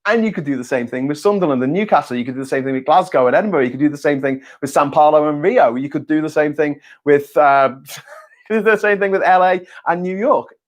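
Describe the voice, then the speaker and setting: A man's voice: fairly high pitch, quick pace. A man talking casually on his own about news and politics, jokey and rambling, with self-mocking asides, frequent restarts and the odd swear word. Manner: frequent restarts and stammered repeats. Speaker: vlogger.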